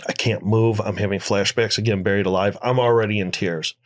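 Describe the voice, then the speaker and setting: Male interview guest, lower register, halting and restarting delivery. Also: fairly even intonation. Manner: halting, many restarts, recounting a harrowing experience. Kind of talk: podcast interview storytelling.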